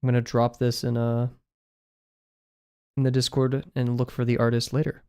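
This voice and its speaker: A man's voice: mid-range voice, completely flat delivery, normal speed, darkish tone, smooth. Chatty man streaming while drawing. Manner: rambling, chatty asides with filler words. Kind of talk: casual live-stream chat while drawing.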